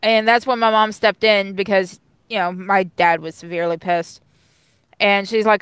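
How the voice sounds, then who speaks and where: A young adult woman telling a personal story in casual, profane chat, blunt and animated. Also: medium pitch, unhurried, pauses often, clear, resonant tone, dry recording, low-quality recording. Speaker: co-host.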